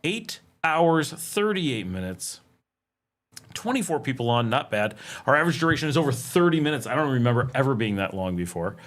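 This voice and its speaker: A man's voice: medium pitch, sing-song, normal speed, fairly bright tone. A middle-aged man hosting a casual livestream Q&A, reading viewer questions aloud and answering them with frequent ums. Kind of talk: casual live Q&A chat.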